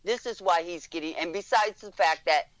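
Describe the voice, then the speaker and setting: A woman's voice: fairly low pitch, normal speed, no room sound. A woman who is a guest on a live chat show, talking bluntly and teasing the host. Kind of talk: casual chat.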